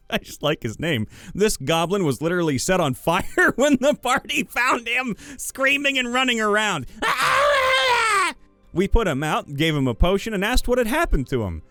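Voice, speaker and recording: A man narrating viewer-submitted tabletop game stories with animated, playful asides. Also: on the high side, dry recording. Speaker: story channel narrator. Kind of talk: reading viewer stories aloud.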